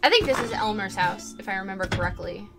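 Over music, a medium-pitched woman chats casually while streaming a video game. She's talkative and quick to break into excited squeals and laughter.

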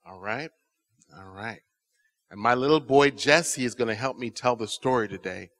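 A man telling a children's story at a church service in an animated, expressive way, then closing with a prayer. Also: mid-range voice, normal speed. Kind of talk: children's sermon.

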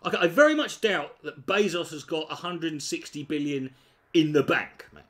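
A man riffs sarcastically over a clip, his pitch swinging widely and sitting a touch high. He swears often and mocks the speaker with exaggerated mimicry. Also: expressive, moderate pace, a bit bright. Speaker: commentator reacting to a video. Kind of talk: reaction commentary.

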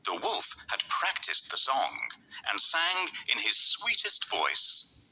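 Male storyteller, bright and husky, slow dramatic bedtime narration with whispered passages. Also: mid-range voice, huge pitch swings, low-quality recording.

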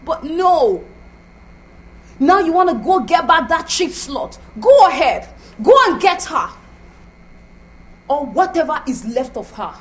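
An actress with a Nigerian accent playing a scheming, jealous young woman who taunts and shouts insults. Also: fairly high pitch, lively intonation, unhurried, pauses often, rough recording. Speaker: actor in a film drama.

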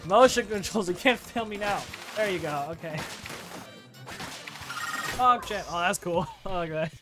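A young man giving swear-heavy, excitable let's play commentary, laughing often. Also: high-pitched, moderate pace. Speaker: gaming YouTuber. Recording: faint game music behind.

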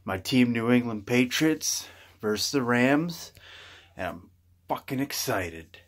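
A young man from Canada talking casually to his vlog audience, low-key and sleepy since he just woke up. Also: animated, takes it slowly. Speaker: vlogger.

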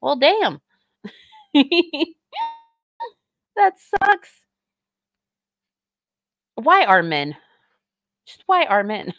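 A woman's voice: on the high side, huge pitch swings, slow, long pauses, no echo, highs cut off. Sarcastic woman streamer, dry close mic. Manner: sarcastic, blunt and mocking. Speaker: streamer reacting to clips. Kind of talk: casual commentary.

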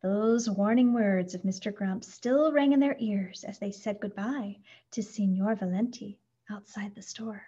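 A woman narrating a children's storybook in a gentle, expressive read-aloud. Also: mid-range voice, a little slow, slightly rough. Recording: dull lo-fi recording.

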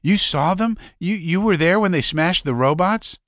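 A man voicing a nervous, eager young man in an audiobook, asking questions in a raised, excited voice. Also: high-pitched, moderate pace, dry recording, studio quality, pitched above the performer's own voice. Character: eager nervous young male listener, wide-eyed.

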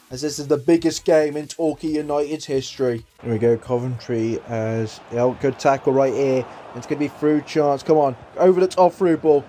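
A man giving casual let's-play commentary on his own football video game match, swinging between low muttering and sudden excited shouts, with plenty of casual swearing. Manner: casual swearing, self-talk. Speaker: gaming YouTuber.

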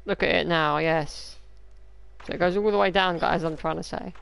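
Excitable male gamer, gravelly, smooth delivery. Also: on the high side, moderate pace, no echo. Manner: playful, excitable, joking. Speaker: gaming YouTuber. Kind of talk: live gameplay commentary.

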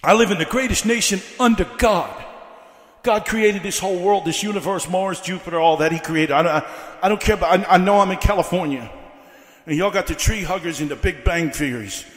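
A man's voice: sits high, a little fast, fairly bright tone. A male evangelist preaching a fiery revival sermon, breaking his lines with "uh" and building by repeating the same questions. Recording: echoey hall.

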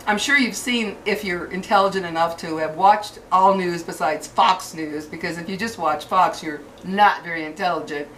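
An older woman, a grandmother, delivering a furious cursing rant to her viewers with halting restarts. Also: fairly low pitch, fairly bright tone. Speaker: vlogger. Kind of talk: angry rant to camera. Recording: distant mic with faint background hiss.

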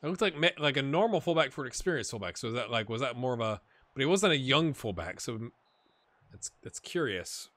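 A man giving casual, rambling commentary over a football management game, with sudden excited outbursts and a slightly rough throat. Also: mid-range voice, brisk, no echo. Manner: rambling, excitable bursts over match play. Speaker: gaming commentator. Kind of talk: casual let's-play commentary.

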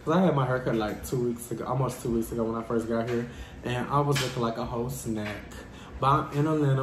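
A man telling a dramatic personal story to his vlog viewers in a lively, casual way. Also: mid-range voice, brisk, roomy sound. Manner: animated, dramatic storytelling addressing viewers as y'all. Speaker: vlogger.

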